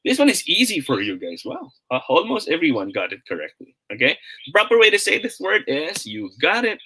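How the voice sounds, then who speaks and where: Young Filipino male teacher, Filipino accent, bright and cheerful, live online class host switching between English and Tagalog. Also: a little high, wildly swooping pitch, brisk, slight background noise, poor audio. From Philippines. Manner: upbeat, mixes English and Tagalog, greets viewers by name.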